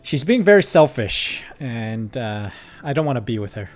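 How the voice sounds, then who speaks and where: A man gives relaxed let's-play commentary at an ordinary middle pitch, chatting and reading game lines aloud. Keyboard clicks can be heard behind him. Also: moderate pace, faint music behind. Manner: casual, chatty, reads game text aloud. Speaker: gaming YouTuber.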